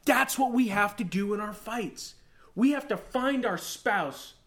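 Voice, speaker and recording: A man in his thirties preaching a sermon as pastor, telling stories with animated, acted-out outbursts. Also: sits high, a little slow. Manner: animated storytelling, acts out his own rants.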